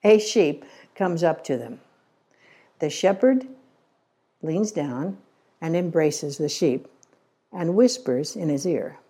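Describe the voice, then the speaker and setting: Older woman, church speaker; low, mellow voice, earnest, unhurried storytelling. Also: husky. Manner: earnest storytelling, slows on key phrases. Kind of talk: sermon-style talk.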